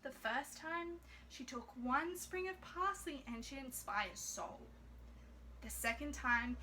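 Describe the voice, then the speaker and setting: A woman reading a fairy tale aloud as storyteller, in soft, measured narration. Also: high voice, slight background noise.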